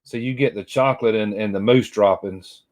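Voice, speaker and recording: Guy, kinda low voice, middle-aged, rambling on and chatting with viewers while opening stuff. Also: moderate pace, a little mellow. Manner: rambling, folksy, talks to viewers by name. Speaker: vlogger. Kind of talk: casual chat while unboxing.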